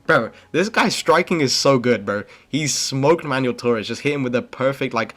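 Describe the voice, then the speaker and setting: A young man talks through a fight recap in loose, rambling fashion, constantly dropping slang and checking in with the listener. His opinions come out blunt and unfiltered, and his voice sits at an ordinary middle pitch for a man. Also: expressive, normal speed, fairly bright tone. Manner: rambling, slangy, says "bro" and "okay" constantly. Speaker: MMA commentary channel host. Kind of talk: casual recap commentary.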